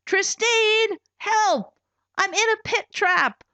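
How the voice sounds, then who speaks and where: A woman's voice: a little high, sing-song, a little slow, no echo. A woman voicing a cautious young boy who talks firmly and urgently. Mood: calling out. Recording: dull lo-fi recording.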